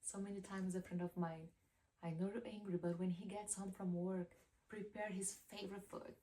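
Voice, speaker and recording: A woman speaking to the camera in a heartfelt devotional talk, earnest and pleading, sometimes sinking into a soft whisper. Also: mid-range voice, level tone, moderate pace, rough recording. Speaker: faith video speaker. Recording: faint background noise.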